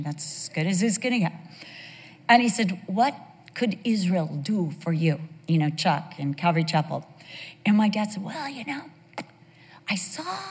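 Woman pastor, animated sermon storyteller, slightly husky voice, long hall reverb. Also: on the low side. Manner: animated storyteller, drops to a whisper for emphasis.

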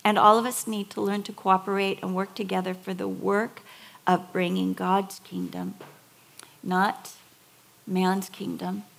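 A woman's voice: medium pitch, level tone, a little slow, gravelly, a bit bright. A middle-aged woman preaching a sermon, telling stories with feeling and building to emphatic, repeated words. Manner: emotional storytelling, building to emphatic repetition.

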